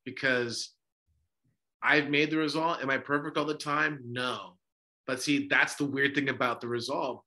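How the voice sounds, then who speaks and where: An impassioned male priest talks through a podcast discussion, firing off rhetorical questions. His voice is bright and edged. His pitch sits in an ordinary middle range. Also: fairly even intonation, measured pace. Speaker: Orthodox priest and podcast host.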